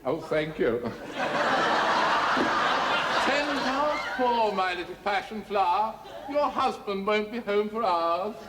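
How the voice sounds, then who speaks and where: A man, a contestant, playing a posh gentleman in a farce with a hammy put-on posh voice. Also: high-pitched, expressive, takes it slowly, pitched below the performer's own voice. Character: amateur playing posh gent Basil. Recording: noisy studio with a loud audience.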